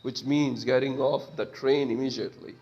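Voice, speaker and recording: A man's voice: medium pitch, fairly even intonation, moderate pace, darkish tone, lo-fi sound, lightly acted. A man reading a story game aloud, voicing a curt, sarcastic young man. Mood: suspicious. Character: blunt, suspicious young man.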